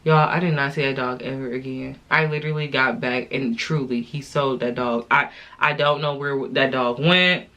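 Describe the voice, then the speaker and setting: A woman's voice: extremely low pitch, fairly even intonation, moderate pace, hardly any pauses, fairly bright tone. A woman in her twenties, a little drunk, chatting to viewers in a casual, exasperated, slangy storytime vlog. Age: 20s. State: tipsy from drinking. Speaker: vlogger. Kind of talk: casual storytime while doing makeup.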